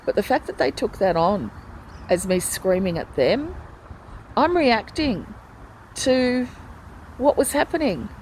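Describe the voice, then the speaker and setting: A woman's voice: on the high side, big pitch swings, takes it slowly, long pauses, a little mellow, a little hiss or hum, poor audio. Distressed woman recounting hospital mistreatment. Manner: distressed, pleading retelling of mistreatment. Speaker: hospital patient vlogger. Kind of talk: personal video diary. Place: hospital ward.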